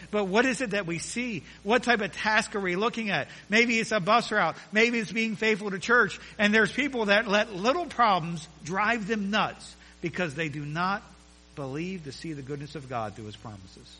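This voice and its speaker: A man with a high, bright, forceful voice preaches a sermon, driving his points home with repeated phrases and sudden drops to a hushed tone. His voice rings out with a long reverb in a church hall.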